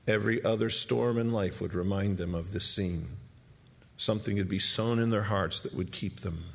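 A man's voice: on the low side, moderate pace, gravelly. A man preaching a sermon, telling the scene vividly with rhetorical questions and acted-out moments. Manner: animated storytelling, acting out scenes with rhetorical questions.

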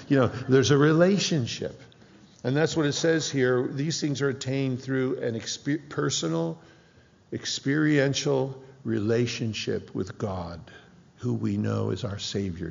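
A man's voice: mid-range voice, gravelly. A middle-aged man preaching a sermon as pastor, emphatic, repeating phrases and restarting sentences. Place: church hall. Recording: dull sound with long hall reverb.

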